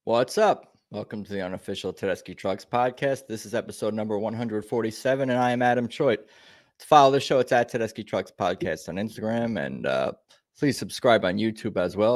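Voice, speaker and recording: A man with a lowish voice opens his fan podcast in a loose, rambling way, full of ums and restarts. The sound is dry and close, with no room around it. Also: dry recording. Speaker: podcast host. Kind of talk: casual podcast intro.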